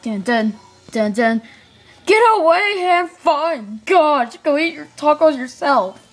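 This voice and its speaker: A high, squeaky house cat, as voiced by a woman, that yelps and grumbles at anything bothering it. The voice climbs and swoops all over and the words come out unhurried. It is a playful home-video voiceover for a pet. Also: soft background music. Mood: grumbling. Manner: squeaky, excitable, indignant cartoonish cat voice. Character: scared, grumpy house cat voiced by its owner.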